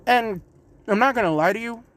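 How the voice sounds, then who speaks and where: A man's voice: extremely high pitch, fairly quick, background noise. A man casually retelling a fan-made story, rambling and often correcting himself with lots of fillers.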